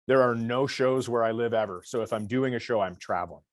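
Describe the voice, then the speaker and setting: A man's voice: mid-range voice, brisk, no echo. A middle-aged male comedian telling a story dryly in casual chat and acting out the people in it. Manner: dry storyteller, acts out the other people in his stories. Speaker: comedian guest.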